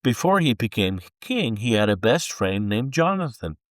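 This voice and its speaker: A man reading a chapter of a faith-based book aloud in an expressive, unhurried storytelling manner. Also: mid-range voice, dry recording, studio quality. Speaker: book reader.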